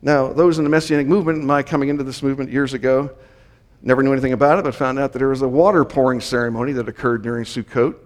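A man's voice: medium pitch, steady tone, very fast. Man teaching scripture in a reverberant hall. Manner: explanatory, reads scripture aloud with raised emphasis. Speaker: teacher in a Messianic congregation. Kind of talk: Bible teaching sermon.

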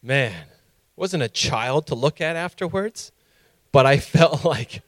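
A man preaching a sermon who reads scripture and tells a personal story, acting out his own past lines loudly. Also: mid-range voice, lively intonation, slow, dry recording.

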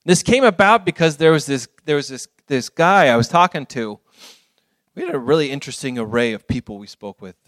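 A man's voice: mid-range voice, animated, a little fast, a bit bright, no room sound, clean studio sound. A man giving an earnest church talk with slides, telling stories in a rambling way with many restarts. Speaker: ministry speaker.

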